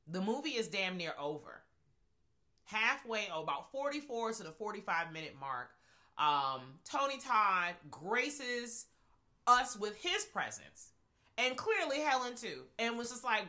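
A woman co-hosting a podcast, recapping a horror movie in casual, profane, animated chat and acting out the scenes. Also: medium pitch, unhurried. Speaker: podcast co-host.

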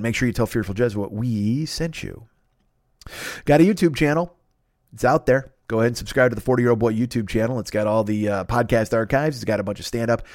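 A man's voice: medium pitch, no room sound, studio quality. A man hosting a podcast, rambling and ranting with plenty of swearing and restarts as he plugs other shows. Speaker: podcast host. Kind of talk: casual podcast plug.

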